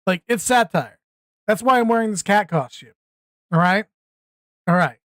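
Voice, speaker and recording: A man's voice: sits high, lively intonation, normal speed, a bit bright, no echo. A man hosting a live reaction stream, talking bluntly and exclaiming, often repeating himself when worked up. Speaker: streamer host.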